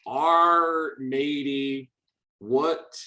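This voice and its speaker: A man putting on a slow pirate drawl. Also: a little high, fairly even intonation, bright, forceful tone, lo-fi sound, exaggerated voice. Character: gruff male pirate talking through a computer.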